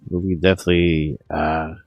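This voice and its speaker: A man's voice: extremely low pitch, little pitch movement, normal speed, no echo, lo-fi sound, soft background music. A man streaming a profane, meandering rant full of restarts. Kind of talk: rambling monologue.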